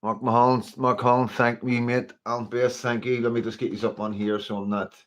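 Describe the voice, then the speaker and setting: A livestream host with a Northern Irish accent chats to viewers in a brisk, flat, medium-pitched voice. He rambles casually, greets people by name, and leans heavily on fillers like "you know" and "like."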